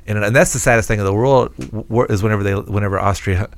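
Guy hosting a podcast, talks quick, low, rambly with lots of restarts. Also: creaky. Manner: rambling, stammers over words. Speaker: podcast host. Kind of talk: casual chat.

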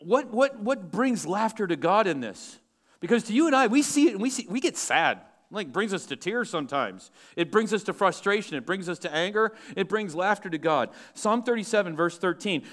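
A male pastor delivers a sermon at normal speed, swinging lively between loud, emphatic lines and hushed, low asides.

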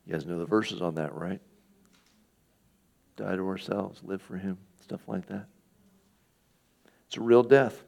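Male pastor, middle-aged, low gravelly voice, relaxed conversational sermon. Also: measured pace, pauses often. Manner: conversational, asks the listeners questions, acts out quoted speakers.

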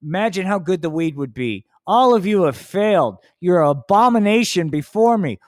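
A man voicing a preachy stoner messiah in a comedic puppet show, loud and sermonizing with a drawn-out drawl. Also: high-pitched, lively intonation, dry recording, studio quality, voice pushed up. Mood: scolding.

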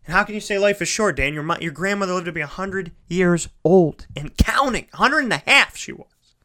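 A man giving a heartfelt motivational monologue. He repeats phrases for emphasis and swings between loud, pushing lines and soft, near-whispered ones. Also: high-pitched, expressive, brisk.

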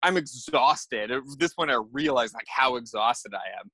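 A young man, a podcast guest, telling a story in a lively way and acting out his own thoughts. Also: mid-range voice, moderate pace, breathy edge, no echo. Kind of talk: animated storytelling.

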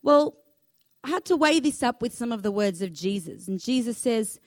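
A woman's voice: medium pitch, lively intonation, moderate pace, dry recording. A woman pastor, preaching a sermon in an earnest, emphatic way, repeating key phrases and inviting the congregation to speak along.

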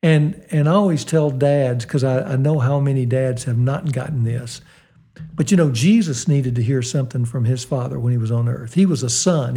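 An older man from the United States, telling stories about fathers and children in a talk, acting out the quoted lines and slowing down for emphasis. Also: medium pitch. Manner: animated storyteller, acts out quoted dialogue, slows for emphasis. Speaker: fatherhood speaker and guest. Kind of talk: storytelling talk with a Christian slant.

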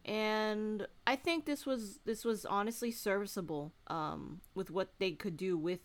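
A woman's voice: medium pitch, unhurried. A woman co-hosting a podcast, talking casually with plenty of fillers. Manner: chatty, uses fillers like "um" and "like". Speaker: podcast co-host. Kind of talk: casual chat.

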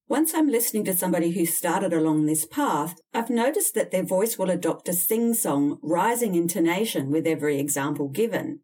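Direct woman coaching, husky tone. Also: lowish voice, expressive, normal speed, hardly any pauses, warm tone, distant mic. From Australia. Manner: direct, emphatic, candid. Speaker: interview and communication coach. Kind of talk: instructional advice talk.

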